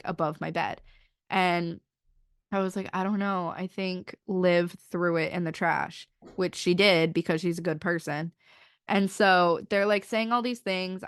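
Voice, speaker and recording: A woman's voice: fairly low pitch, a bit bright, smooth, no room sound, studio quality. A young woman in her twenties co-hosting a podcast, telling a personal story in a chatty way, full of "like" and acted-out quotes. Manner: chatty, many "like" fillers, acts out quotes. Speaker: podcast co-host. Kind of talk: casual storytelling chat.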